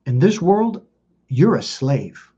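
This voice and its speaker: A man voicing his cold, dismissive adult sister in a raised, flat, matter-of-fact tone. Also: a little high, slow pace, breathy edge, highs cut off, exaggerated voice.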